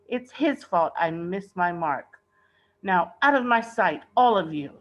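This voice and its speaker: A woman reading a play aloud, voicing a spoiled, demanding young male nobleman who whines and shouts. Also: medium pitch, animated, measured pace, highs cut off, pitched above the performer's own voice. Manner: whiny, bossy, shouting.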